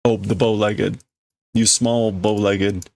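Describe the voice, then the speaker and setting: Dude translating manga live, thinks out loud and fixes himself as he goes, slow easy pace. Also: on the low side, level tone, no room sound. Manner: musing, self-correcting, chuckling.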